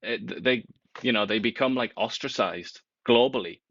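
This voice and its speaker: A man giving casual political commentary, animated and sarcastic, often laughing as he talks. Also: mid-range voice, moderate pace, no echo. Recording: dull lo-fi sound.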